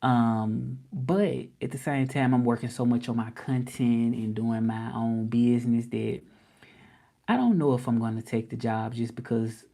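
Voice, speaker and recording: A man hosting a casual livestream, relaxed and rambling, often repeating himself. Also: medium pitch, vocal fry. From Memphis, Tennessee. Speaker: language teacher and livestream host.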